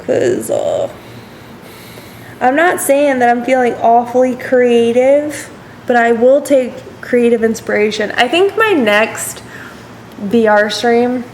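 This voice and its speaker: A woman's voice: on the high side, slow, slight background noise. A woman streamer chatting casually while painting miniatures, rambling and slipping into playful accents.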